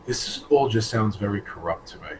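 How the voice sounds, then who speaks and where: An earnest, hesitant young mechanical boy, played by a man. His voice is low, a little quieter and somewhat distant. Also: animated, a little fast, a little hiss or hum, lightly acted.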